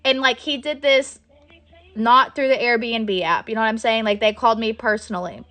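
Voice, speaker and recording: A woman's voice: a little high, fairly even intonation, normal speed, pushed and bright. A woman in a social media clip, ranting in frustration.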